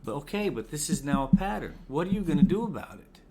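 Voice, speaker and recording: A man's voice: a little high, very animated, fast, gravelly, a loud crowd. A man in casual conversation, co-hosting, talking bluntly and arguing his point, swearing now and then. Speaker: co-host, bereaved father. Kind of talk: casual chat.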